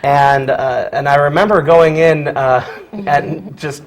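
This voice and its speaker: A man who teaches high school drama, from Virginia, talking casually in an interview with lots of fillers and laughs. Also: fairly even intonation, takes it slowly, rough recording. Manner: chatty, laughs often, many fillers and restarts.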